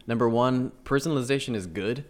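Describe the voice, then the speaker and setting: A man's voice: medium pitch, a little fast, a little mellow. A man co-hosting a casual podcast about email marketing, who laughs often and sets out his points one by one. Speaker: podcast co-host.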